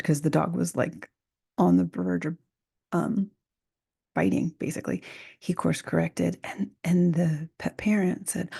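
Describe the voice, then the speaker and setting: Woman host, warm low tone, flat delivery, soft half-whispered reflective monologue. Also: vocal fry, slightly rough, no echo, clean studio sound. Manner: soft, often half-whispered, musing with restarts. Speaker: podcast host. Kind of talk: reflective solo podcast talk.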